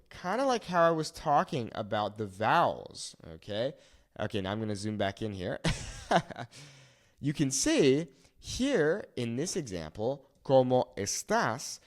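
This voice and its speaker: Animated man teaching. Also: mid-range voice. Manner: animated, repeats words slowly for pronunciation. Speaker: Spanish teacher. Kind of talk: whiteboard lesson.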